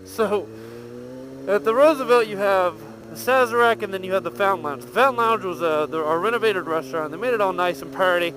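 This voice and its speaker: A high-pitched man, speaking a little fast, spins a profane hotel story into his helmet mic while out on the motorcycle. The motovlogger stays animated and keeps laughing through this casual vlog.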